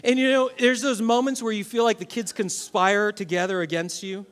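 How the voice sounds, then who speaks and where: A man in his thirties, a pastor preaching a sermon to his church, swinging between loud bursts and quiet, earnest passages. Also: high voice, level tone, moderate pace, smooth.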